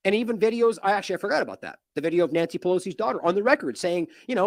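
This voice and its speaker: A man hosts an independent news commentary show, speaking quickly with a lively, swooping delivery. His tone is indignant and mocking. The sound is dry and close to the mic, with a slightly high voice. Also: no room sound. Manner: animated, indignant, mocking with sarcastic quotes.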